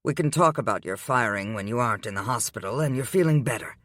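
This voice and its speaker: Man doing a calm domineering rich man, measured, patient, quietly commanding, audiobook romance, dry close sound. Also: mid-range voice, no echo, close to an everyday voice.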